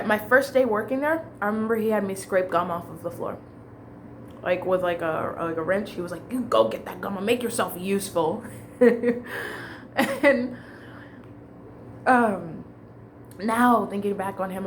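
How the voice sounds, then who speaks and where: A woman's voice: mid-range voice, a little hiss or hum. A woman telling a long personal story in a casual, rambling way, with fillers and restarts.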